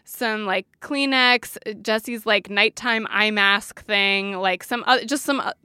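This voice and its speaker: Bright rambling woman podcast host. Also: mid-range voice, takes it slowly, smooth, no echo, clean studio sound. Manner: rambling, filler-heavy storyteller. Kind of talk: casual chat.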